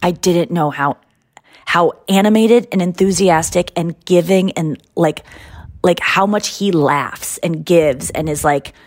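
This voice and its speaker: Low-voiced woman telling an animated story. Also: measured pace, no echo, studio quality. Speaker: podcast host. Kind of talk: casual chat.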